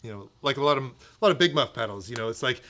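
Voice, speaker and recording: A man's voice: mid-range voice, expressive, rapid-fire, fairly bright tone. A man hosting a guitar gear show, talking casually and walking through the settings. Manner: easygoing, explains settings plainly. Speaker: host of a gear demo show. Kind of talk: casual chat.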